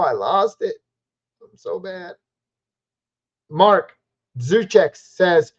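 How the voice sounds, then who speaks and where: A man from the West Coast hosting a live Q&A stream, chatty and upbeat, giving quick verdicts on viewer questions. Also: a little high, a little mellow. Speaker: fantasy football live stream host. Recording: slightly muffled lo-fi stream audio.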